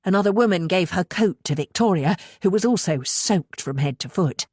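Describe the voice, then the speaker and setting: A woman narrates a thriller audiobook in an even, measured tone. Her voice sits low, and the close studio mic gives a dry sound. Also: husky, dry recording. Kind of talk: scripted narration.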